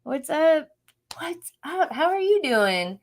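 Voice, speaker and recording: A woman's voice: high-pitched, big pitch swings, slow pace. Chatty woman hosting a livestream. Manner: chatty, greets viewers, laughs often. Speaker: livestream host. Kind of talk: casual livestream chat. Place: at home.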